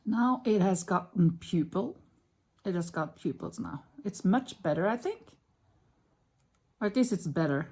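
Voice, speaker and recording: A woman in her fifties whose first language is Norwegian talks her way through a craft project in a relaxed vlog. She thinks out loud, corrects her own words and chats to the viewer as she works. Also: medium pitch, measured pace, pauses often, breathy edge. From Norway. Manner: chatty, thinks aloud, self-correcting. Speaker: crochet vlogger.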